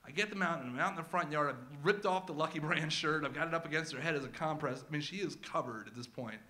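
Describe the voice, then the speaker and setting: Male storyteller, 30s, slightly high voice, comic and animated, live first-person storytelling. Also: fast. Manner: animated, comic, acts out his kids' voices.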